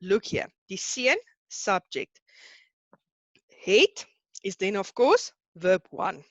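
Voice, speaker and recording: A woman's voice: medium pitch, big pitch swings, takes it slowly, no room sound, dull audio. A woman teaching an online lesson, patient and encouraging, who laughs easily.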